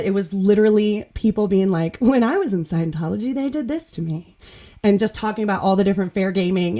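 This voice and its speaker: A woman hosting a casual video call podcast, telling a story with bubbly, gushing energy. Her voice sits at an ordinary middle pitch and she laughs easily as she talks. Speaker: podcast host. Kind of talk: casual group chat storytelling.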